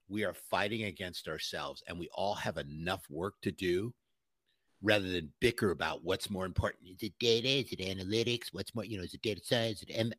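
A man's voice: on the low side, a bit bright, no room sound, studio quality. A man giving an interview, telling stories emphatically and mimicking the people he quotes. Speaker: podcast guest. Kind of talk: conversational interview.

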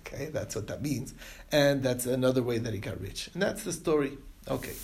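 Male Torah teacher, mid-pitched and a little gravelly, talking through stories in an easy, halting way with lots of fillers. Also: expressive, darkish tone, slight background noise. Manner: loose retelling full of fillers and restarts. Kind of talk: informal Talmud class.

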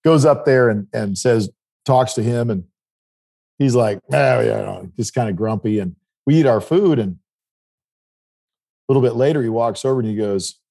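With a warm, medium-pitched voice at normal speed, a middle-aged man from South Dakota, United States, pauses often while telling a wandering travel story. It's casual, anecdotal talk full of restarts.

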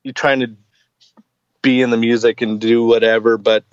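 A man's voice: medium pitch, little pitch movement, moderate pace, clean tone, dry recording, lo-fi sound. A man in his forties, a podcast guest, chatting casually and hesitantly with many fillers and restarts. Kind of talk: casual chat.

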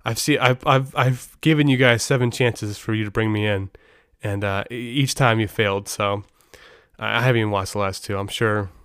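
A man's voice: fairly low pitch, steady tone, normal speed, fairly bright tone, clean tone, dry recording, studio quality. A middle-aged man hosting a podcast, chatting casually in a rambling way and often restarting his sentences. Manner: rambling, self-interrupting, frequent restarts. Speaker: podcast host.

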